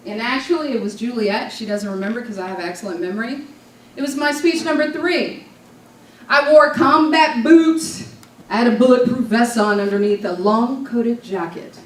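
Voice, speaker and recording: A woman from New York giving a club leadership training talk, a lively storyteller who jokes with her audience. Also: mid-range voice, slight background noise. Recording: roomy sound from a distant mic.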